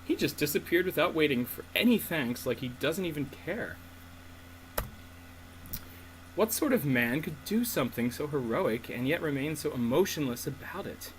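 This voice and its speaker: A man's voice: a little high, animated, brisk, few pauses, a little hiss or hum, close to an everyday voice, poor audio. A man reading the lines of an earnest young woman heroine aloud in a game, in his own voice. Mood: curious. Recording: faint music underneath.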